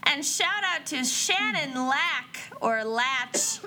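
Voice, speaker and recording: A woman co-hosting a casual podcast, giggling and playful while reading shout-outs. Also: sits high, expressive, takes it slowly, crowd noise. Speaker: podcast co-host.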